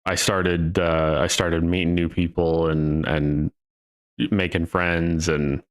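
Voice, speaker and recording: A young man with a fairly low voice tells a story casually to his podcast audience. He is animated and acts out the lines of the people in his story. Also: slow, smooth. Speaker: podcast host. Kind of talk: casual storytelling to a live chat.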